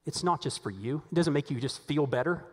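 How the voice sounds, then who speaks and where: A man preaching a sermon as pastor, telling stories animatedly, his voice climbing when excited. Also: a little high, brisk, husky. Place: church sanctuary. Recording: long hall reverb.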